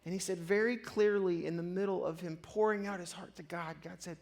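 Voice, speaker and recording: High-voiced man preaching a personal story. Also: fairly even intonation, fairly quick, creaky, few pauses. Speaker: pastor. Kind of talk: sermon.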